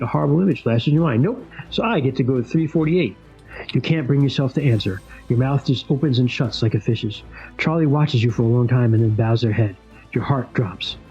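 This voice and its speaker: A man hosting a show in which he plays a solo tabletop horror adventure, reading it aloud with animated asides and casual swearing. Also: mid-range voice, fairly quick, muffled recording, faint music behind. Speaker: host playing a solo tabletop game.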